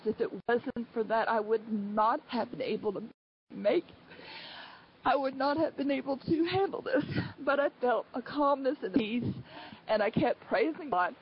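A woman giving a personal testimony to her church, speaking earnestly and haltingly, with many restarts. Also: a little high, dull audio, a little hiss or hum.

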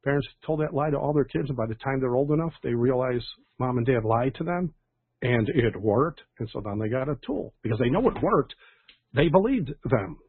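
Older male pastor, husky and gravelly, rambling chat over a dry phone line. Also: medium pitch, lively intonation, moderate pace, dry recording. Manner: rambling, chatty, with many fillers and restarts. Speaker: pastor leading an online prayer call. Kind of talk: casual reading and comment on praise reports.

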